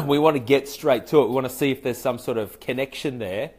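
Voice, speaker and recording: A man with an Australian accent teaching sales call technique in a relaxed, conversational way, full of fillers and restarts. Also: medium pitch, fairly quick, slightly rough. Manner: chatty, loose and hesitant, many fillers and restarts; acts out sample phone greetings. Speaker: sales trainer. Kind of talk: conversational training talk.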